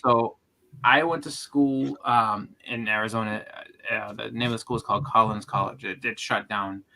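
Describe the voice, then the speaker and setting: A man's voice: lowish voice, fairly even intonation, normal speed, gravelly, bright, forceful tone, a little hiss or hum. A man in a casual group chat, telling rambling stories and acting out quotes. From Boston area. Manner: rambling storyteller, acts out quotes. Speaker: channel host, comic collector.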